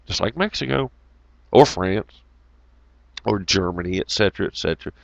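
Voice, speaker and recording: A man's voice: sits low, normal speed, creaky, dry recording. A man, telling rambling, profane road stories to his viewers in a loose, joking way. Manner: profane, rambling, jokey, greets chat viewers. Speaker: channel host. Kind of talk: casual rambling storytelling to viewers.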